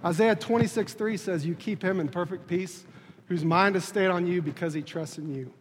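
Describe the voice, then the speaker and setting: A man's voice: high-pitched, in a large hall. Man, 30s, church preacher, earnest testimony, stumbles and repeats, faint room noise behind. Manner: halting, repeats words and restarts, earnest. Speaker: preacher on a church leadership team. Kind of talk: personal testimony sermon.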